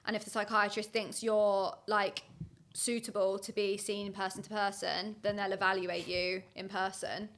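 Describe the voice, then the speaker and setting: A young woman, a podcast guest talking in a fast, rambling casual way full of likes. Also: medium pitch, level tone, fairly bright tone. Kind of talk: casual chat.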